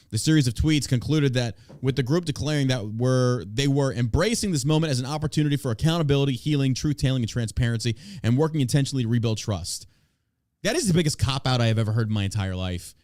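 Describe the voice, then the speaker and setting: An American man hosting an opinion podcast, with a mid-pitched voice and a blunt, profane delivery. He swings from mocking sarcasm to flat dismissal, and the sound is dry and close. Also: dry recording. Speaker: podcast host.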